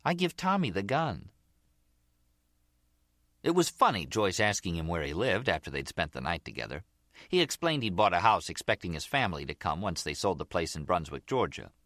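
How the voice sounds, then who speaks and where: A man's voice: deep voice, sing-song, brisk, sharp tone, no echo, studio quality. A man reading a crime novel aloud as audiobook narrator. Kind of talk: scripted narration.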